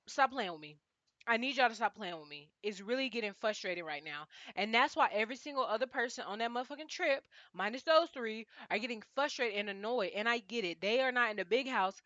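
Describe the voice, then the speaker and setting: A woman's voice: mid-range voice, pushed and bright, no room sound, muffled recording. A woman giving a casual, profane, exasperated recap of a reality TV episode.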